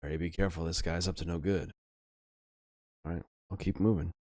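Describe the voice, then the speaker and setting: A man's voice: low-pitched, steady tone, a little fast, mellow, dry recording, clean studio sound. A young man giving casual, chatty let's-play commentary over an old adventure game, swearing offhandedly.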